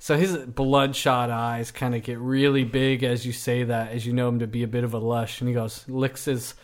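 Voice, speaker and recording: This man narrates a tabletop session as game master, keeping things relaxed and breaking into frequent laughter. His voice sits mid-range and moves at a moderate pace.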